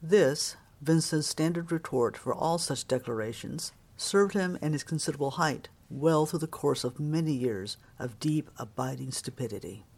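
A man's voice: fairly high pitch, moderate pace, few pauses, husky. Man narrating a wry audiobook. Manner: wry, expressive storytelling.

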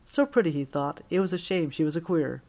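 A man's voice: a little high, brisk. Man narrating a wry audiobook. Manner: wry, expressive storytelling.

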